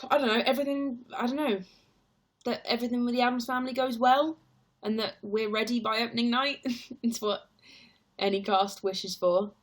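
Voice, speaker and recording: This young woman speaks at normal speed with a fairly high pitch and fairly even intonation. A stage actor and livestreamer, she chats in a rambling way, answering viewers and using "like" constantly.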